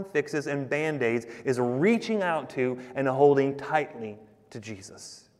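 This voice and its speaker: A man's voice: mid-range voice, expressive, slow pace, hardly any pauses, darkish tone. A man preaching a sermon, conversational and emphatic, talking to the congregation as guys. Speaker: pastor. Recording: long hall reverb.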